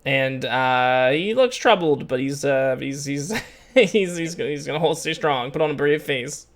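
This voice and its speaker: Man, game master, gravelly voice, halting delivery full of fillers. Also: on the high side. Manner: halting, many fillers and restarts. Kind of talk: narrating a tabletop game.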